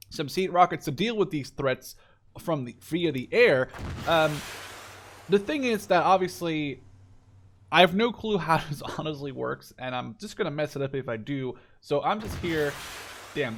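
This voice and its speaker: A man's voice: a little high, a bit bright. A young man, not a native English speaker, giving a casual, chatty walkthrough of a video game, full of fillers and self-corrections. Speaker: gameplay video creator.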